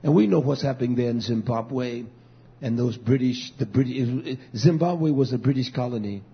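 A man preaching a fiery sermon, swinging between loud declarations and low, muttered asides. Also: normal speed, slightly rough. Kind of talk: fiery street-style sermon. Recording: dull lo-fi recording.

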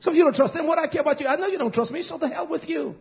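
Fiery high-voiced male preacher, lo-fi. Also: racing, creaky. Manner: fiery, scolding, swings between shouted and hushed lines. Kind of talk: fiery sermon. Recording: dull lo-fi recording.

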